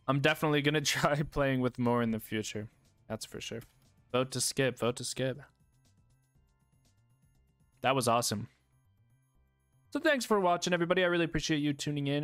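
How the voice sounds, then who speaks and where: A man casually commentating his gameplay, excitable, often laughing and yelping at what happens on screen. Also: mid-range voice, clean tone, no room sound. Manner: excitable, laughs and yelps at the game. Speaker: gaming YouTuber.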